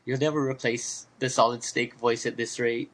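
A man's voice: medium pitch, little pitch movement, moderate pace, fairly bright tone. A man co-hosting a podcast in casual chat, with dry teasing banter. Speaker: podcast co-host.

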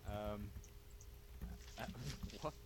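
A man's voice: fairly low pitch, extremely slow. A man co-hosting a casual podcast, joking and swearing as he reads out listener mail. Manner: joking, profane, animated. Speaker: podcast co-host.

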